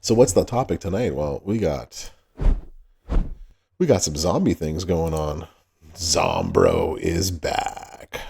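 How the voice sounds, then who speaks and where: A man's voice: low voice, animated, measured pace, pauses often, warm tone, breathy edge. A man hosting a casual livestream, greeting chat viewers by name and laughing often. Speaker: livestream host.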